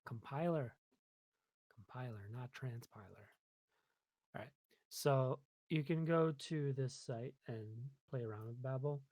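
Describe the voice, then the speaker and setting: A man's voice: medium pitch, no echo. A man casually talking through code. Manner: relaxed, chatty, thinks aloud with many ums, self-deprecating. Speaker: coding tutorial host. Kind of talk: casual screen-recorded coding walkthrough.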